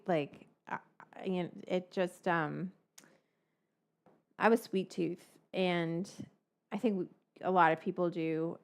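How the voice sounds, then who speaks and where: A middle-aged woman hosts a cooking livestream in a slightly lower register, rambling from one thought to the next. She swears casually and fills her talk with fillers while she chats to her viewers. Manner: rambling, chatty and profane, with frequent fillers. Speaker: cooking show host.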